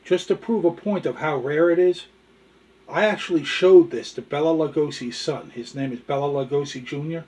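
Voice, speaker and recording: A male show host tells corny jokes and shows off collectibles in a folksy, chatty manner. His voice sits fairly high for a man, and the recording sounds a little distant from the microphone. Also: moderate pace, darkish tone. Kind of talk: telling jokes and showing collectibles. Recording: distant from the mic.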